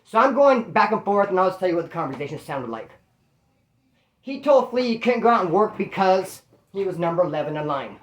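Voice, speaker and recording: A man's voice: sits high, fairly quick, reverberant. A man casually telling a story in slangy street talk, acting out the voices of the people in it. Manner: slangy, animated, acts out quoted voices. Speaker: storyteller recounting prison life.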